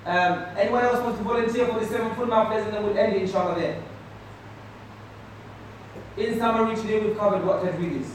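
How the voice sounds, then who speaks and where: A man teaching a tajweed class, drilling letters loudly for the students to repeat, then explaining softly. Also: high voice, brisk, long pauses, a little hiss or hum. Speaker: Quran recitation teacher. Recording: echoey room from far off.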